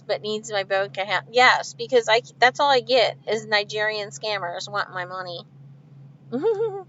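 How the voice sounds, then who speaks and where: A woman truck driver with a fairly high, fairly bright voice live-streams from inside her cab, where a refrigeration unit hums. The lo-fi recording catches her chatting casually, laughing often, and reading viewer comments out loud.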